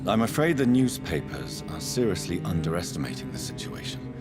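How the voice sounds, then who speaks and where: An actor playing a brooding vampire doctor who speaks in a grave, measured, formal way. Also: male voice, low voice, sing-song, music in the background. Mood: somber. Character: brooding male vampire doctor, somber and restrained.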